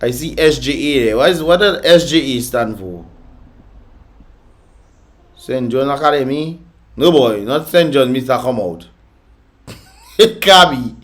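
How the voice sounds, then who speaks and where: A man's voice: medium pitch, animated, a little slow, long pauses. A man hosting a casual reaction vlog, chatty and laughing often, with Caribbean creole phrasing. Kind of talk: casual commentary on viral videos.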